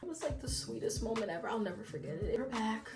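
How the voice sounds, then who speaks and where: A woman's voice: on the high side, quick pace. Chatty young woman in an echoey room. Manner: animated, chatty storytelling with many fillers. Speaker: vlogger. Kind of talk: casual story time. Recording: echoey room, distant from mic, faint music.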